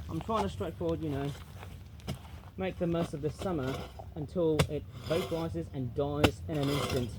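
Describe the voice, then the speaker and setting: With a tablet capturing him outdoors, a man with a voice on the high side talks to viewers while pulling weeds in his backyard garden. This gardening vlogger rambles casually, exclaiming often and choosing playful words, and there's noise in the background.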